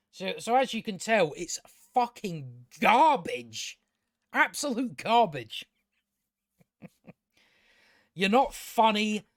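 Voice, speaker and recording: A man's voice: high voice, a bit bright, dry recording, studio quality. A man reviewing a TV show in a casual rant, blunt, scornful and full of swearing.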